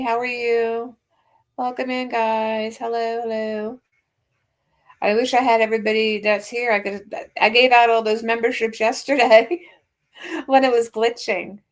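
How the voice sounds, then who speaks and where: A woman hosting a casual livestream, chatting and teasing with frequent laughs while greeting viewers. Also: on the high side. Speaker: livestream host.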